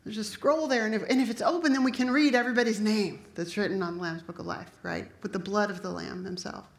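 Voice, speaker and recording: A woman's voice: medium pitch, steady tone, quick pace. Lady preacher, chatty sermon w/ little jokes to the crowd, roomy echo all around. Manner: conversational, humorous asides to the congregation. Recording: echoey room.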